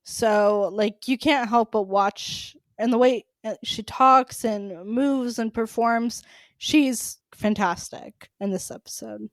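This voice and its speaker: Female co-host, high-pitched, dry close sound, lively and exasperated in casual chat. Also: takes it slowly, no echo. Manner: animated, laughs often, exasperated rants. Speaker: podcast co-host.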